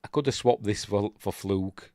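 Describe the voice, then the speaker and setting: A man's voice: lowish voice, normal speed, darkish tone, no echo, clean studio sound. An older man from Yorkshire with a Yorkshire accent, hosting a rambling, chuckling casual live-stream chat and reading out viewer comments. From Yorkshire, England. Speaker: host.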